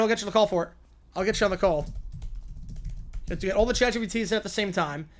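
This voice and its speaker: A male streamer with a high voice, chatting casually through his stream. He talks in quick asides and reads viewer requests aloud. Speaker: streamer host. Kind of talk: casual livestream chat.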